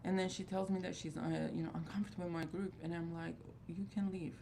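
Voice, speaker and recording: Rambling, candid and exasperated, a thirty-something woman hosting a fragrance group's livestream makes casual chat. Her fairly low voice is creaky and dark in tone, level and fast, over a slight hiss or hum.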